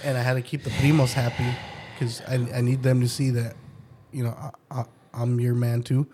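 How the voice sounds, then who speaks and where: A man's voice: mid-range voice, little pitch movement, fairly quick, dark tone, slight background noise. A young man co-hosting a casual chat, laid-back, often stammering and restarting his sentences.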